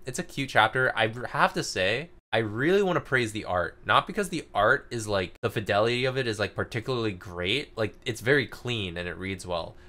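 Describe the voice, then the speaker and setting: A man's voice: medium pitch, bright, forceful tone. A man co-hosting a podcast, reviewing comic chapters in casual, rambling chat full of "like" fillers. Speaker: podcast co-host.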